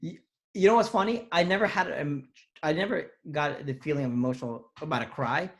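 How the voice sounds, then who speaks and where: A man's voice: fairly high pitch, brisk. Rambling, swearing man on a podcast. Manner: rambling, swears freely, trails into restarts. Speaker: podcast co-host. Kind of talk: casual comedic chat.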